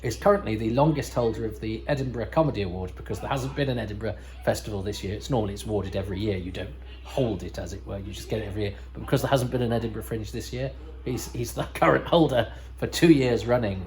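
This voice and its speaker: A man's voice: fairly low pitch, fast, few pauses, poor audio. A man hosting a podcast, giving casual, rambling commentary over a TV episode with wry asides and frequent self-corrections. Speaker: podcast host.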